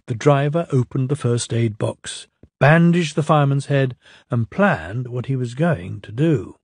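A man reading a children's storybook aloud in a lilting, expressive way. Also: medium pitch, measured pace, breathy edge, no room sound, studio quality. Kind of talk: storybook narration.

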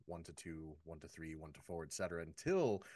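A man's voice: rumbling low, animated, a little fast, a little mellow, dry recording. A man playing at a tabletop game, chatting in a playful, enthusiastic way. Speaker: player. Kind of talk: casual game-table chat.

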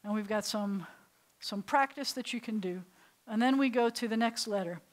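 Brief: American woman rabbi, higher voice, patient storyteller for beginners. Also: normal speed. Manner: storytelling, explains letters while pointing at a board. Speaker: rabbi teaching a beginner Hebrew class. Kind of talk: informal classroom teaching.

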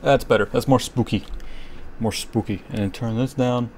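A man's voice: medium pitch, fairly even intonation, moderate pace, a little hiss or hum. A young man giving nervous running commentary while playing a horror game, often dropping to a whisper. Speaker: gaming streamer.

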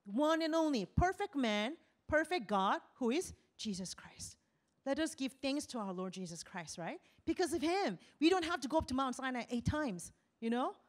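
Animated woman preaching a sermon. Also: high-pitched, normal speed. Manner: animated, asks the congregation questions, acts out quotes. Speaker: missionary preacher.

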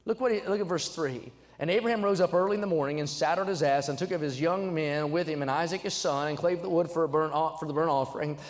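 Young male preacher, fairly high voice, emphatic sermon delivery, reverberant sanctuary. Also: fast talker, hardly any pauses. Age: young adult. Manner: emphatic, swings from low asides to loud exhortation. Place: church sanctuary. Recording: church sanctuary with long reverb.

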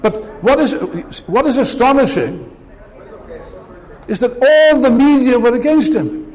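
A man's voice: very high voice, expressive, unhurried, a little mellow. A man giving an impassioned political speech to an audience, with mocking asides. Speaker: political speaker. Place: large meeting hall. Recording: long reverb of a hall.

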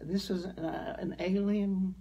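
Older woman from the midwest, raspy gravelly voice, animated storyteller. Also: mid-range voice, measured pace, dull audio. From American Midwest. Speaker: guest actress. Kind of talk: conversational interview.

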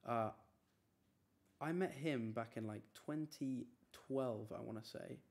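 A man's voice: mid-range voice, a little mellow. Easygoing man chatting on a stream. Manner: chatty, easygoing, quick to brush off teasing. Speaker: streamer reading chat. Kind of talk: casual live-stream chat.

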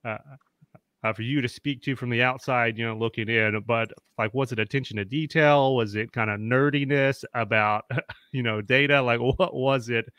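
A man's voice: medium pitch, fairly even intonation, normal speed, a bit bright, clear, resonant tone, dry recording. A man hosting a live-streamed panel interview, chatty and upbeat, greeting viewers by name. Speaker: host.

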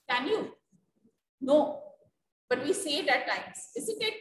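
A woman's voice: high-pitched, very animated, a little slow. A woman with an Indian English accent teaching an English class, explaining with many fillers and checking questions. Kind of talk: online class lesson. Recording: echoey room, distant mic, faint noise.

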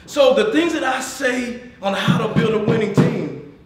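A man giving a motivational talk to a room of managers, swinging from shouts to near-whispers, laughing often and calling on the audience. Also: extremely high pitch, unhurried, reverberant, distant mic. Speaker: motivational speaker. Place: meeting room.

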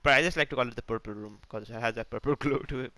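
Excitable man narrating a shooter game. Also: medium pitch, rapid-fire, no echo. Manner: excitable, self-mocking, talks to teammates and enemies. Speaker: gaming channel host. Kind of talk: live gameplay commentary.

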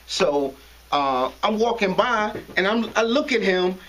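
A man from New to match, tells a story from the block in an easy interview. His voice sits high for a man, and he talks in animated, slangy bursts. He acts out every exchange and laughs along the way. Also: unhurried, slight background noise, poor audio. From New York. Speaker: interview guest telling a story. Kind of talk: casual street storytelling.

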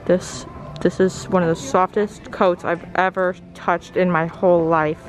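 A woman's voice: lowish voice, level tone, measured pace, over music, poor audio. A young woman vlogging a day out in stores and streets, gushing and exclamatory as she films on a handheld camera. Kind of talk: excited casual vlog chatter.

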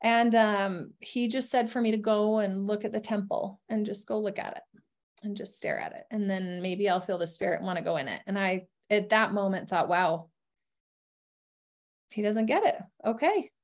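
This is a woman's personal testimony, told as a guest at a normal speed in a steady, mid-range voice. She tells her life story candidly and earnestly, often saying um and restarting.

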